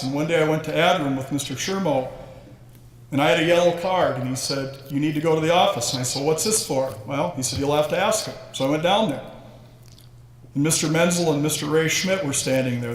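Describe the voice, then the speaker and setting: A man in his sixties giving a humorous, self-deprecating induction speech full of stories. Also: fairly high pitch. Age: 60s. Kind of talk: storytelling speech. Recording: echoey hall with faint ambience.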